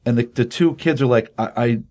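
A middle-aged man in his fifties hosting a casual chat, walking through a comic's plot with plenty of fillers. His voice is mid-pitched and ordinary, carried by animated storytelling. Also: moderate pace. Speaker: podcast host. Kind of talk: casual comic-book recap.

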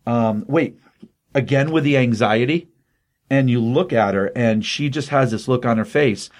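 Older male reviewer, casual and earnest, mid-pitched, rambling delivery. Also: normal speed. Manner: earnest, rambling with fillers, emotionally open. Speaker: comic book reviewer. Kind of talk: casual comic book review.

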